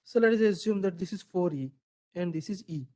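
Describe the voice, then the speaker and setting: A man with a fairly high voice lectures a class, constantly quizzing students, repeating their answers, and adding "right?" to his points. His speech is loose and peppered with "so," and he sounds expressive and a little fast, with a darkish tone.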